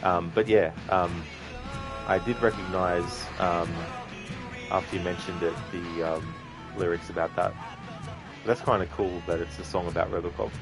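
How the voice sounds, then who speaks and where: A man with a very deep voice talks easily to his viewers while he plays through a game, letting his sentences wander and filling the gaps with ums. Faint game music sits quietly beneath his talk. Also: moderate pace. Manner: relaxed, rambling with frequent ums. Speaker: game streamer. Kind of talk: casual live-stream chat with viewers. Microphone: streaming microphone at the console.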